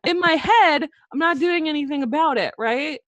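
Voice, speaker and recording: A woman's voice: high-pitched, moderate pace, no room sound. A young woman co-hosting a podcast, telling profane stories with lots of laughter in casual chat. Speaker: podcast co-host.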